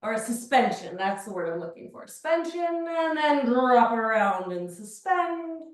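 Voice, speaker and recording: A woman teaching a beginner Pilates class, calmly talking the listener through each movement step by step. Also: a little high, unhurried. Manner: calm step-by-step movement cues. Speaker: Pilates instructor. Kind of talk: guided exercise class. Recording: very echoey room, mic far off.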